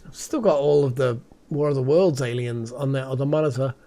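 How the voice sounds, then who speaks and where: A man's voice: medium pitch, fairly quick, dark tone. A tired man chatting casually and rambling while commenting on a game he is playing. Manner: rambling, chatty, repeats words. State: tired, yawning. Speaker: streamer.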